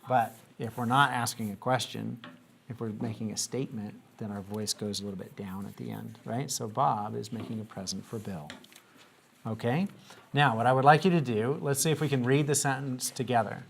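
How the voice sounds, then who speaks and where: A man's voice: mid-range voice, moderate pace, creaky, a little hiss or hum. A man teaching a grammar lesson to young students, patiently asking questions and coaxing answers.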